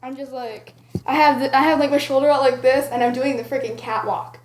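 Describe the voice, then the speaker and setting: A young woman with a high, bright-pitched voice talks straight to the camera in a storytime vlog. She tells it with dramatic flair, laughing often as she goes. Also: fairly even intonation, a little fast, background noise. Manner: giggly, dramatic, breaks into laughing. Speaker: vlogger.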